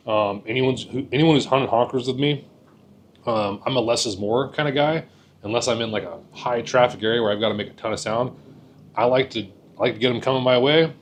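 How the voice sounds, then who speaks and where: A man's voice: mid-range voice, a little fast, slight background noise. A man teaching hunters how to call geese, talking in a folksy way, often repeating words and checking in with "right?". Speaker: goose calling instructor. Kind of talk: casual instructional talk.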